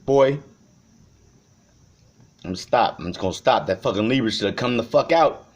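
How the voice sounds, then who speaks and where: A man from Chicago talking to the camera in an unscripted vlog. He rambles and swears, swinging between shouting and quiet reflection. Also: mid-range voice, expressive, measured pace, creaky. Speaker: vlogger. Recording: dull lo-fi recording.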